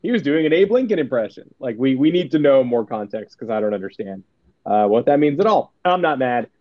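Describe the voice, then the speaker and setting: A man's voice: medium pitch, lively intonation, fairly quick, no echo. A man co-hosts a casual sports podcast, rambling with a sarcastic edge. His voice sits in a middle register. The recording is muffled and dry. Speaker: podcast co-host. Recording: dull, dry sound.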